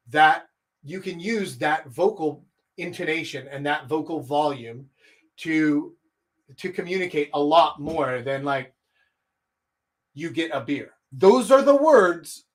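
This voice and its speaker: A man from Texas, in his thirties or older, giving a live-streamed dating coaching talk, animated and blunt, swinging his pitch and volume to show his points. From Texas, USA.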